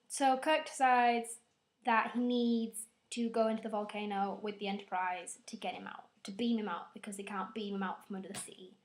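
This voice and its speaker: A young woman recapping a film at home in a casual, rambling way, with self-mocking, sarcastic asides. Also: a little high. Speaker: video reviewer. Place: at home with her dog.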